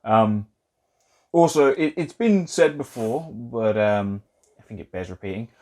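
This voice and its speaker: A young man co-hosting a casual film podcast, talking loosely and excitedly with lots of "like", swearing and laughing. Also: mid-range voice, measured pace. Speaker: podcast co-host.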